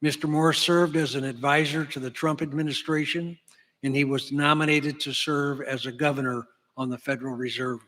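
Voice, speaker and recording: Emcee, male, measured formal read-aloud introduction, long hall reverb. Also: a little high, fairly even intonation, a bit bright. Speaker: event emcee. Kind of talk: reading a speaker introduction. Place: large banquet hall.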